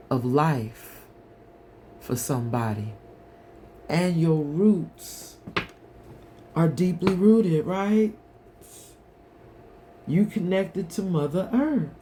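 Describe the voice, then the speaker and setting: Tarot reader, slow unhurried delivery, chatty and talks straight to viewers, faint background hiss. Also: mid-range voice, warm tone. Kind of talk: collective tarot reading, casual chat.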